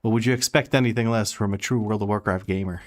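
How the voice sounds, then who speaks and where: A man's voice: fairly low pitch, steady tone, quick pace. A young man chatting casually while streaming a game, reading and answering chat with frequent laughter.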